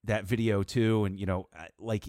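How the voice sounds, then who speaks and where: Lower-voiced man in analytical podcast chat. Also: steady tone, normal speed, a little mellow, no room sound, studio quality. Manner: analytical, builds points with restarts and fillers. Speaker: podcast co-host. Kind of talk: casual podcast discussion.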